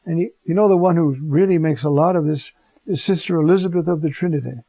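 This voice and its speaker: Man, high voice, warm and mellow, lively homily, dull dry lo-fi recording. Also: fast talker, no echo. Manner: animated, acts out the Gospel scene in voices. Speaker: preacher. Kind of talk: conversational homily.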